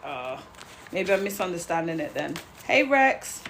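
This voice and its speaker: A woman's voice: on the low side, sing-song, measured pace, creaky, fairly bright tone, slight background noise. Blunt, chatty woman livestreaming. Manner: blunt and chatty, greets viewers, laughs often. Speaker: livestream tarot reader. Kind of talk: casual live-stream chat.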